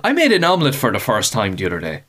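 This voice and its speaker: A man's voice: on the low side, rapid-fire. A man hosting a podcast and chatting casually, full of friendly banter. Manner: lively, bantering. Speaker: podcast host.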